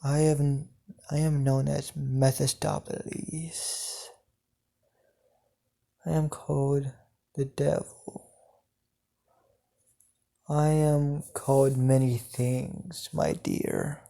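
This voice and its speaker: Ancient devil, sly dealmaker, whispered role-play, raspy, drawn-out, put on by a man. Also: mid-range voice. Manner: hushed, breathy whisper.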